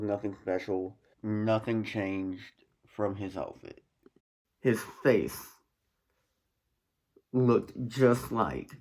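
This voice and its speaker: A man's voice: on the low side, vocal fry, darkish tone. A man casually telling a story, rambling with frequent fillers and side comments. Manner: rambling, with many fillers and asides.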